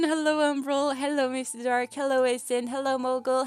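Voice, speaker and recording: A woman's voice: sits high, little pitch movement, moderate pace, clear, resonant tone, faint music behind. A young woman streaming as a VTuber, chatting casually and rambling with a giggle, greeting viewers by name. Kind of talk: casual game stream chat.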